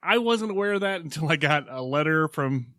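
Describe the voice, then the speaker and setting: Male co-host, deadpan wit, dry close-mic studio sound. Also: fairly high pitch, fairly quick, dry recording. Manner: wry, deadpan banter. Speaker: podcast co-host. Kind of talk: casual chat.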